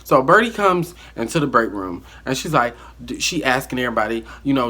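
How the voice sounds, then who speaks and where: A man telling a story from his life in a casual vlog monologue, animated and acting out the dialogue. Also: mid-range voice, brisk, hardly any pauses, breathy edge.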